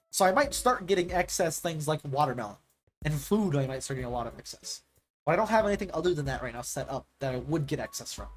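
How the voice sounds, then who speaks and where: A young man streaming a game, chatting casually and rambling, often saying "like" and ranting when annoyed. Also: a little high. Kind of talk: casual live-stream chat while gaming.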